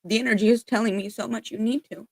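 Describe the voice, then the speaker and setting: A woman's voice: a little high, fairly even intonation, fast talker, vocal fry, no echo. A woman giving a casual spiritual tarot reading, earnest and emphatic, swearing freely as she passes on encouraging messages. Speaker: tarot reader.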